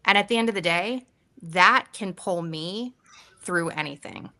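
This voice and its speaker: A woman real estate agent on a panel, speaking in an earnest, steady, motivational way. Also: fairly low pitch, unhurried. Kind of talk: reflective panel talk.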